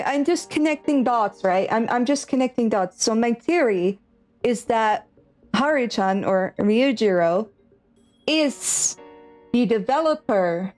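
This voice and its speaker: Her voice is a little high with a somewhat dark tone. Streaming a visual novel, she voices the lines aloud and muses over her theories, breaking in with giggly, hesitant remarks.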